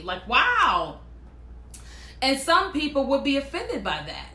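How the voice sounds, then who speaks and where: A woman chatting casually and telling personal stories, animated and quick to act out what other people said. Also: high voice, echoey room. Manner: animated, acts out quoted voices, laughs often. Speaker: speaker sharing personal stories. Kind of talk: casual storytelling monologue.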